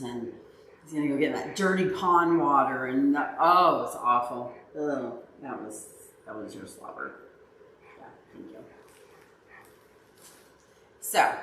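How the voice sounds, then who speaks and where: A lively woman with a bright, forceful voice tells a story to her livestream chat. She is animated and acts out her own yelling. The sound is roomy, with faint noise behind her. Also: sits low. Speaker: livestream host, dog owner.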